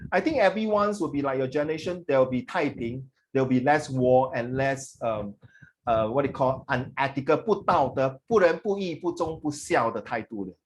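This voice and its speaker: Classroom teacher acting out an essay. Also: male voice, medium pitch, expressive, moderate pace, a little hiss or hum, low-quality recording. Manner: code-switches, dramatic reading with acted voices. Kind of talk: classroom lesson, reading a student essay aloud.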